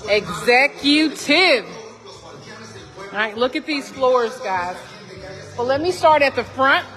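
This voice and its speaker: A woman's voice: high voice, animated, a little slow, music in the background. Chatty woman touring an echoey empty house. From Texas. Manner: chatty, exclaims often, addresses viewers as y'all. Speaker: realtor touring a model home. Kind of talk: walkthrough home tour vlog. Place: empty house under construction, indoors. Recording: echoey empty rooms with faint noise.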